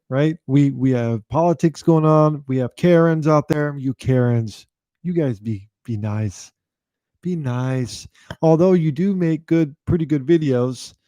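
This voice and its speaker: Mellow-voiced man riffing casually. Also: mid-range voice, dry recording. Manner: loose, profane, repeats himself. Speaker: host. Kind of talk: casual talk to camera.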